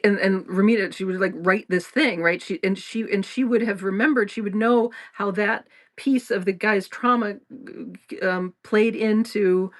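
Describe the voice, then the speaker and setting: Woman host talking in a loose, rambling way. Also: mid-range voice. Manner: rambling, with frequent restarts and laughter. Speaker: podcast host. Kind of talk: casual explanatory talk.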